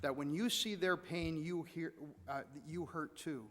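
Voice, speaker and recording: A man preaching a sermon as pastor, conversational, with repetitions and sudden loud emphasis. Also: a little high, steady tone, unhurried. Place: church sanctuary. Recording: long church reverb.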